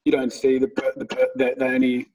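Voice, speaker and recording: A man tells loose, rambling stories, swearing freely and laughing along as he goes. His voice is husky and sits a little back from the microphone, with a mid-range pitch. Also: monotone, fairly quick, a little mellow, recorded from a distance, faint music behind, rough recording. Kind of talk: casual storytelling chat.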